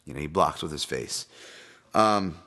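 A man's voice: extremely low pitch, animated, a little slow, sharp tone. A man hosting a podcast, giving casual fight-betting commentary in a rambling, profane, worked-up way.

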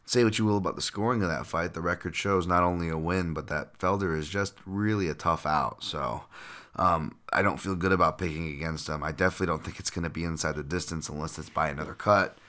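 A man's voice: low-pitched, fast talker, pushed and bright. A man hosting a casual solo podcast, breaking down fights while thinking aloud, with lots of fillers, restarts and the odd chuckle. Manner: chuckles now and then while talking. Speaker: podcast host and fight analyst.

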